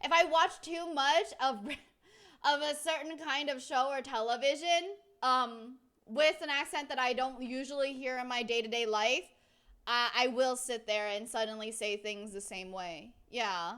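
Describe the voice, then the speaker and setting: A woman's voice: high-pitched, steady tone, a little slow, a bit bright, smooth. A woman streamer reacting to a video with playful, exaggerated mock outrage and casual chat.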